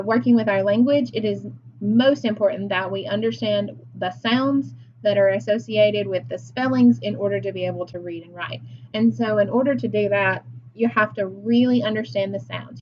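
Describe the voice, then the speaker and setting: A woman teacher leading a phonics lesson for young children, slow and encouraging, pausing for their answers. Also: mid-range voice, darkish tone. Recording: slightly dull lo-fi sound with faint noise.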